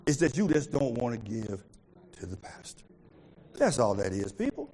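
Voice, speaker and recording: A man's voice: medium pitch, moderate pace, breathy edge, rough recording. A man preaching a call-and-response sermon as pastor, repeatedly asking the congregation to finish his words. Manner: animated preaching, asks congregation to fill in words.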